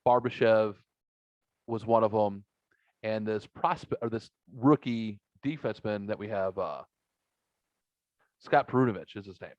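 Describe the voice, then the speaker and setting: A man co-hosting a casual podcast, telling animated stories, acting out other people's voices and swearing freely. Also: fairly low pitch, measured pace, pauses often, no echo. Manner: animated storyteller, acts out quoted voices, swears. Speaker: podcast co-host. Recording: dull, dry lo-fi recording.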